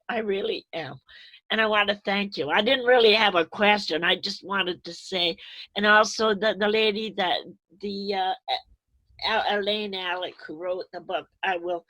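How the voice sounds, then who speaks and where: A woman's voice: medium pitch, a bit bright, no room sound, low-quality recording. Tearful eighty-year-old woman on a call. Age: 80s. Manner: halting, repeats words, rambling. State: tearful, voice breaking. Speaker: retired nurse, webinar attendee. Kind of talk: emotional open-floor remarks on a video call. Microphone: video call.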